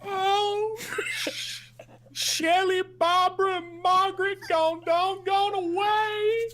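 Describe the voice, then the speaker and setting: A man's voice: extremely high pitch, fairly even intonation, takes it slowly, fairly bright tone, no room sound, exaggerated voice. A man putting on a drunk old farmer. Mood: wailing. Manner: folksy, rambling, drawling. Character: drunk old male sheep farmer, rustic and mournful.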